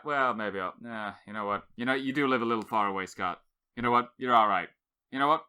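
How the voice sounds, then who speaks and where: A man's voice: mid-range voice, fast talker, bright, forceful tone. A man co-hosting a casual podcast, rambling and joking, laughing often. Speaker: podcast co-host.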